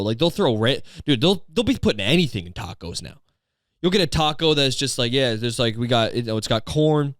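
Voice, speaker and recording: A man's voice: on the low side, fairly bright tone, no echo. Profane rambling man, dry close sound. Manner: profane, rambling, many fillers. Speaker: podcast host. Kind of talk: rambling comedic monologue.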